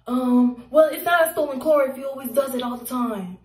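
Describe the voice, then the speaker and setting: A woman imitating a male police officer who answers in a flat, offhand way. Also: high-pitched, fairly quick, recorded from a distance, lightly acted. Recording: roomy echo, off-mic.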